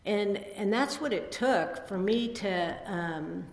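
A woman's voice: mid-range voice, lively intonation, slow pace. A woman in her sixties giving a rambling, self-deprecating personal recovery testimony at a meeting, full of fillers and restarts. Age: 60s. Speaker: speaker sharing at a recovery meeting. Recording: echoey hall with long reverb.

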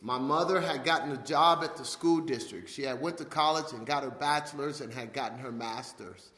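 In a hall with a long, echoing reverb, a man in his fifties gives a personal testimony talk, telling his life story to an audience and acting out the voices of the people in it. His medium-pitched voice is pushed and bright, at a normal speed.

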